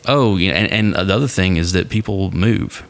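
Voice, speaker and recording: A man's voice: low voice, fairly quick, creaky. A man chatting casually as a podcast guest, rambling with lots of fillers and restarts.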